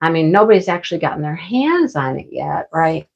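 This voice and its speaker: A woman's voice: sits low, very animated, a little fast, gravelly, a little mellow, lo-fi sound. A woman hosting a casual craft livestream, chatting and laughing as she answers viewers by name. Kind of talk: casual live chat with viewers.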